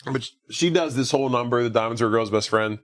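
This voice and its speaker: A man's voice: medium pitch, quick pace. A man hosting a podcast, casually retelling a film's plot with lots of fillers and quoted lines. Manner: rambling recap with acted-out quotes and laughs. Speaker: podcast host. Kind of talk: casual movie recap chat.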